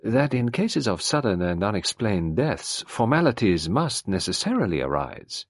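A man voicing a courteous, fussy older male detective who speaks in a polite, measured, formal way. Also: lowish voice, sing-song, dry recording, clean studio sound. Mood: probing.

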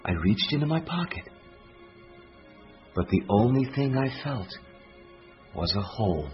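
A man's voice: on the low side, very animated, measured pace. Man reading a storybook expressively. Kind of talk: storybook read-aloud. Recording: dull lo-fi recording, faint music.

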